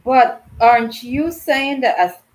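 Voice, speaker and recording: A woman with a Crucian Virgin Islands accent reading the part of an earnest, grieving Crucian woman, at a slow, emotional pace. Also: a little high, slight background noise, rough recording. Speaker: reader voicing a dialogue character. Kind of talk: dramatic reading of a dialogue.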